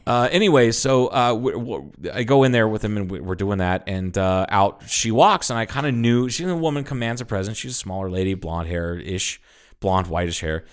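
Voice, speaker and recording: A man in his thirties, a podcast co-host telling a story in casual chat, animated and full of swearing. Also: on the low side, normal speed, clean tone. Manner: animated storyteller, swears a lot, acts out quotes loudly.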